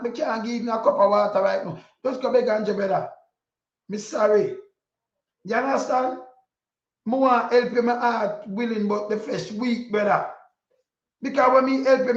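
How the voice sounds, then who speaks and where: High-voiced Jamaican man, fired-up commentary. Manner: preachy and repetitive, speaking in patois, sometimes shouting. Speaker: political commentator. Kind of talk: impassioned spoken commentary. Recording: roomy, dull lo-fi sound.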